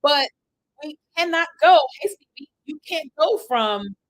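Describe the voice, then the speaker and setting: A woman's voice: sits high, measured pace, poor audio. A woman coaching people on content creation in a chatty livestream, often checking in with the audience. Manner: animated, chatty, asks the audience for replies, frequent "right?" and "okay?". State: itchy from an allergy. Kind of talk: livestream talk to viewers. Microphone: computer webcam.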